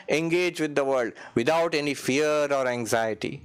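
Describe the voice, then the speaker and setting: A monk gives a spiritual retreat talk in a meditation hall, animated and swinging his pitch high and low as he chuckles and chants Sanskrit verses. His delivery is smooth, at normal speed, with few pauses.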